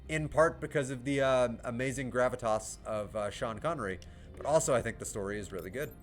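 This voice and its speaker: A man's voice: medium pitch, normal speed, pauses often. A man with an American accent giving casual, rambling commentary while playing a game, laughing often. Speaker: gaming streamer. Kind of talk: casual let's play commentary. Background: game music.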